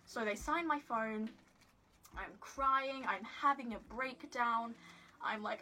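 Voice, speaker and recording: A woman's voice: fairly high pitch, measured pace, sharp tone, a little hiss or hum. A woman telling a story to her phone camera in a casual vlog, giggly and rambling with lots of "like" and self-deprecating asides. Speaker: vlogger.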